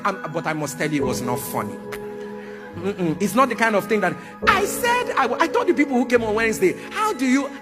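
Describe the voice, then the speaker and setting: Animated high-voiced preacher over music. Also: male voice. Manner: animated, loud bursts, sound effects. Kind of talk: sermon storytelling. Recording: music behind voice.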